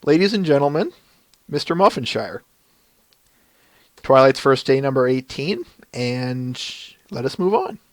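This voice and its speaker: A man's voice: medium pitch, expressive, unhurried, pauses often, no room sound. Chatty male podcast host. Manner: chatty, laughs often. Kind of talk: casual chat.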